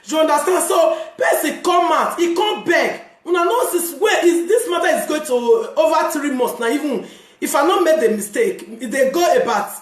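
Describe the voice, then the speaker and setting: High-voiced Nigerian woman vlogging casually. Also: moderate pace, reverberant. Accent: Nigerian Pidgin. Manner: animated, repeats "you understand?", laughs often. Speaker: vlogger, mother of three. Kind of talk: casual talk to camera on forgiveness.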